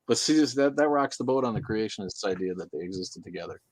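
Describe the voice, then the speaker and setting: A man's voice: on the low side, animated, quick pace, no room sound. A man co-hosting a casual livestream, reading out chat comments with loose, profane jokes.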